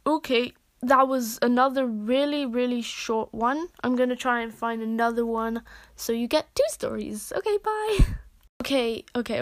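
A woman's voice: a little high, no echo. A young woman reading fan stories aloud with giggly, casual asides. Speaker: fanfiction reader.

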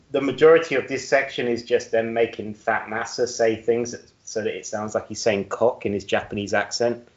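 A man co-hosting a podcast in casual chat, joking and laughing at his own jokes. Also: lowish voice. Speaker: podcast co-host. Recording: roomy, dull-sounding audio.

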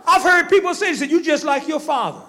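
A man preaching a fiery sermon, moving from quiet asides to shouted preaching. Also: extremely high pitch, fast.

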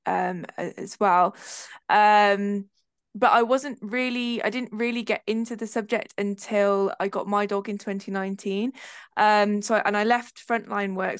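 An English woman in her thirties talks through her work as a podcast guest. She gropes for words with frequent ums and restarts, in an even, steady pitch. The sound is dry and close. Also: creaky, no room sound. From England. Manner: hesitant, many ums and restarts. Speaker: guest, abuse-prevention trainer. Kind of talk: interview answers.

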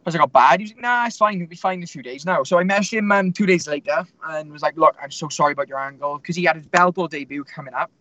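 A man's voice: fairly high pitch, very fast, hardly any pauses, sharp tone, dry recording, lo-fi sound. A man, a fighter telling stories in a casual interview, rambling with lots of fillers. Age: 20s. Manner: rambling storytelling with many fillers. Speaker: MMA fighter guest.

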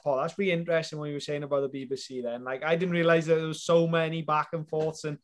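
A man with a fairly high voice co-hosts a podcast. He cracks jokes and teases his guest throughout. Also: level tone, quick pace. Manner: teasing, jokey. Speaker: podcast co-host. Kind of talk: casual chat.

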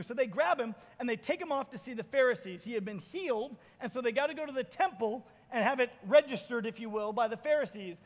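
High-voiced pastor preaching in a hall. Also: male voice, fast talker, hardly any pauses. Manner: animated storytelling, acting out voices. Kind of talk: sermon. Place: church sanctuary. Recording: reverberant church hall.

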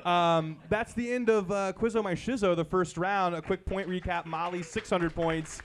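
A man's voice: high voice, fairly even intonation, normal speed, a little hiss or hum. A man hosting a live comedy quiz show, playful and a little rambling as he loses track. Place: live event venue.

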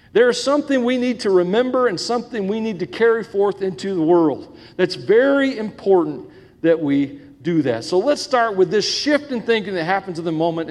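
A middle-aged male pastor with a high voice preaches a sermon in a church sanctuary, his words ringing with a long hall echo. He jokes with the congregation and keeps asking them questions. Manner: joking, asks the congregation questions.

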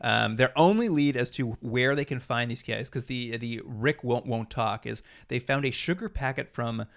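A man's voice: mid-range voice, moderate pace, vocal fry. A man co-hosting a podcast, casually recapping a TV show and acting out the characters' lines as he tells it. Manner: animated retelling, acts out quoted lines. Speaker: podcast co-host.

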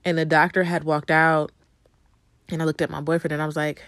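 A woman's voice: sits low, flat delivery, a little fast, a bit bright, no echo. Woman, personal storytelling, conversational, ums, dry close recording. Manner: conversational, with frequent ums and repeated phrases. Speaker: vlogger telling her birth story.

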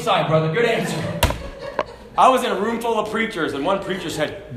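A man preaching a sermon, moving between shouted passages and quiet, conversational asides. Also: sits high, lively intonation, a little fast, reverberant, slight background noise. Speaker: pastor.

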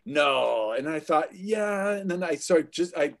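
A man's voice: a little high, normal speed. Middle-aged man telling showbiz stories. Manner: anecdotal, restarts phrases often. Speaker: guest actor. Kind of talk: conversational interview storytelling.

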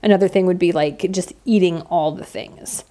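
A woman's voice: lowish voice, moderate pace, dark tone. A woman in her thirties hosting a podcast, talking candidly and reflectively in a casual monologue with lots of fillers. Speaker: podcast host.

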